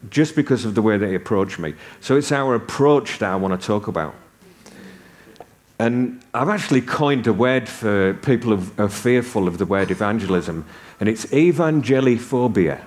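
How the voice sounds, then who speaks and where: Older man, sermon, low-pitched, chatty storytelling, light humor. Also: lively intonation, moderate pace, darkish tone. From north of England. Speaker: preacher.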